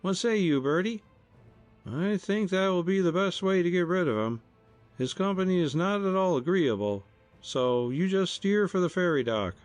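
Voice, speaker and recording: Male reader voicing a steady young skipper, firm and resolute, pitched well up. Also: normal speed, no room sound, faint music behind.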